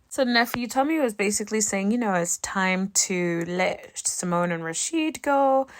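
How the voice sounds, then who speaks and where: A woman giving casual, sassy recap commentary on a reality dating show, animated and fond of calling people "honey". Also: fairly low pitch, no echo, studio quality.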